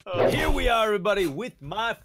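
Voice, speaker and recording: A man playing a game with friends, excitable and self-mocking about his bad luck. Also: high voice, fast talker, vocal fry, very noisy. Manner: animated, exclamatory, self-mocking. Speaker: gaming friend. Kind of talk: casual gaming banter.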